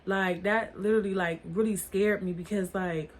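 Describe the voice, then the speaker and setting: Her mid-range voice stays steady at a normal speed as she tells viewers a rambling story. This storytime vlogger swears casually and says "like" and "or whatever" constantly.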